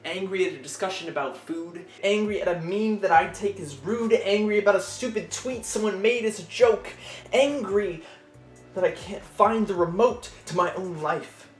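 A man recites spoken-word poetry in an echoey room, moving between forceful loud lines and hushed low ones. Faint music runs underneath. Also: normal speed. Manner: intense, swinging between loud outbursts and quiet low lines.

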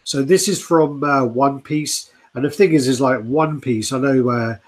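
Male co-host, casual and chatty, average pitch. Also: measured pace. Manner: relaxed, swears casually, laughs often. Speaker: co-host of collectibles chat. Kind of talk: casual chat.

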